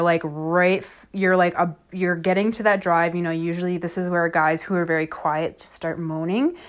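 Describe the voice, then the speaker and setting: A woman hosting her own podcast in a casual solo monologue. She talks frankly and chattily, laughs often and fills her sentences with "like" and "you know". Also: lowish voice. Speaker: podcast host.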